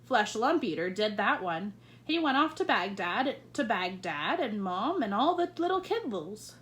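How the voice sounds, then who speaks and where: A woman's voice: mid-range voice, big pitch swings, unhurried, a bit bright. A woman reading aloud, voicing a big friendly male giant who mangles his grammar. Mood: triumphant. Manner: ungrammatical homely giant speech.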